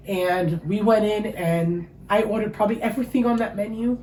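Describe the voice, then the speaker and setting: Appearing as an interview guest, a woman shares an emotional personal testimony, telling her story in an animated way. Her voice sits at medium pitch and moves fairly quickly with hardly any pauses, recorded in an echoey room with faint ambient noise.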